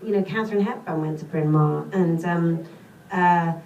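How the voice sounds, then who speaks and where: At a cinema screening with an audience, a British actress on the panel fields questions in a chatty, self-deprecating manner. Her voice is lowish, a little mellow and moderately paced. The sound is muffled, echoey and distant, with faint hiss.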